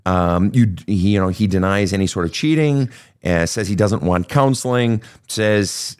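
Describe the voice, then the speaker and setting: A man's voice: on the low side, animated, moderate pace, a little mellow, clear, resonant tone. A man hosting a counseling podcast, talking emphatically and repeating himself as he thinks aloud. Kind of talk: conversational counseling talk.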